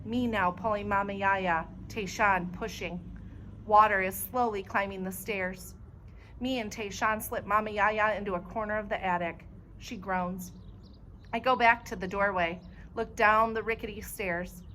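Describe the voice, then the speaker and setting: A woman librarian reading a children's chapter book aloud in clear, expressive storytelling. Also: mid-range voice, unhurried, slight background noise.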